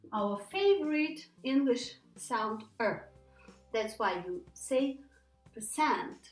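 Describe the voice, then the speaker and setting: A woman teaching an English pronunciation lesson, patiently repeating words slowly for learners to copy. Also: fairly high pitch, echoey room, poor audio.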